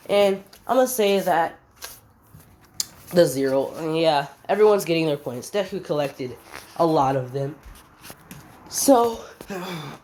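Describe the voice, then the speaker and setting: Rambling low-voiced woman telling a story. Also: darkish tone, a little hiss or hum. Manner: rambling, self-correcting, filler-heavy. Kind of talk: casual fan-fiction retelling.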